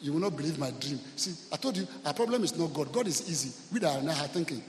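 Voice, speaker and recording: A man preaching a sermon as pastor, animated, acting out quotes and calling out to the congregation. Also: fairly high pitch, fast talker, slight background noise. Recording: long hall reverb.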